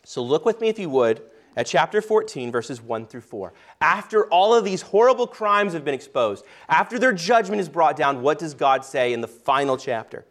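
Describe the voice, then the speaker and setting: A man preaching a sermon, reading scripture aloud and slowing down and softening his voice to stress key points. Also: on the high side, expressive. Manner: earnest preaching, slows and softens for emphasis. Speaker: pastor.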